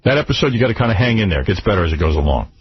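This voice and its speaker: A man hosting a radio show, giving wry, deadpan commentary in casual chat. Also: fairly low pitch, racing, husky. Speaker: radio host. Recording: dull radio broadcast.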